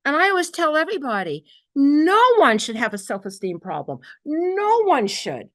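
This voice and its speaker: A woman's voice: sits high, very animated, normal speed. Brooklyn woman giving a spiritual talk. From New York. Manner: earnest, peppers talk with "okay", acts out quotes. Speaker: spiritual teacher.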